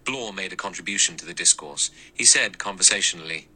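A man reading an audiobook in a measured, even storytelling voice. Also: sits low, low-quality recording. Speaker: audiobook narrator. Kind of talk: scripted narration.

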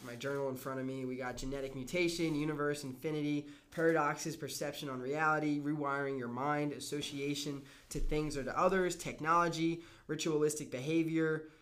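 A man's voice: a little high, fairly even intonation, fairly quick, few pauses, fairly bright tone. A man hosting a podcast, asking questions in a laid-back, affirming way. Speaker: podcast host. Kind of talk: casual podcast interview.

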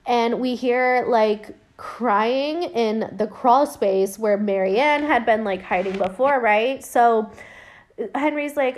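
A woman's voice: fairly high pitch, takes it slowly. A woman recapping a film in casual chat, rambling with lots of fillers and swearing, her voice worn and her throat dry. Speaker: podcast host recapping a film.

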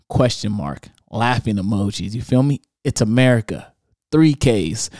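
A man's voice: on the low side, unhurried, dry recording, studio quality. A young man hosting a casual solo podcast, animatedly recounting an online argument and reading out comments in slang. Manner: animated storytelling, reading out social media comments with slang and laughs. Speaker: podcast host.

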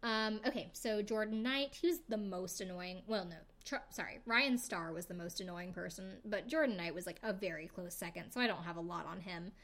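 A young adult woman hosts a podcast in a relaxed, chatty way. She rambles through a recap with plenty of fillers and playful side comments, keeping it casual and conversational. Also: medium pitch, fairly quick, few pauses. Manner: chatty, filler-heavy, jokey asides. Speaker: podcast host.

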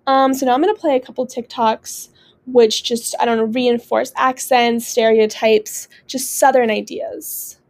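A woman's voice: a little high, steady tone, a little slow. A young woman from Oklahoma hosting a podcast, commenting in an earnest, mildly indignant way on clips and tweets she plays and reads. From Tulsa, Oklahoma, US. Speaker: podcast host.

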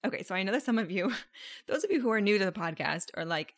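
A woman's voice: medium pitch, expressive, fast talker. A woman hosting a podcast, coaching listeners in a casual monologue full of rhetorical questions and frequent laughs. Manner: conversational, laughs often, asks rhetorical questions. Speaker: podcast host and relationship coach.

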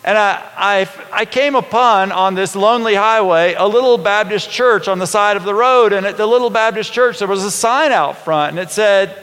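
Pastor in a reverberant church hall. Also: male voice, high voice, normal speed, hardly any pauses, a bit bright, smooth. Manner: conversational, folksy, asks the congregation questions. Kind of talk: storytelling sermon.

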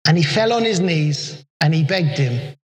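A man preaching a sermon in an earnest way, slowing down to stress his points. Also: on the high side, lively intonation. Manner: earnest, slows down for emphasis. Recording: echoey hall with long reverb.

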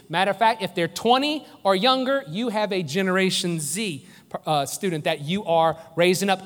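A pastor preaches a sermon in an earnest, conversational way, often restarting his phrases. His voice sits high with a fairly bright tone, and the recording has a long reverb tail.

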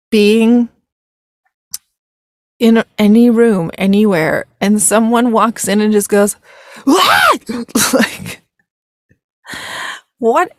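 A woman's voice: mid-range voice, a little mellow, no room sound, studio quality. A tired woman hosting a casual film reaction video, rambling, laughing and correcting herself as she goes.

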